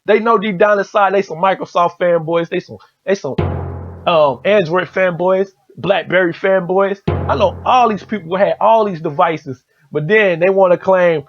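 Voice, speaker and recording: A fired-up man with a high voice, hosting a solo podcast and ranting hard with constant cursing and repeated phrases. The audio is dull and lo-fi. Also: moderate pace, faint music behind. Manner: profane, heated, repetitive ranting. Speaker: podcast host.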